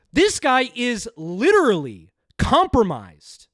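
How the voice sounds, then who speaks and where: A man with a very high, lively voice rants in a heated, foul-mouthed way while reacting to a video. His sound is close and dry, with no room around it. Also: moderate pace, no room sound. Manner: heated, swearing, mocking. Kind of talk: profane angry rant.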